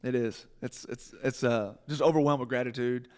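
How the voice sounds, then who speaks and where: A man's voice: medium pitch, steady tone, normal speed, darkish tone, smooth. A man, a country singer guesting on a live radio show, telling a story with many restarts and bursts of laughter. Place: live radio stage in a food hall.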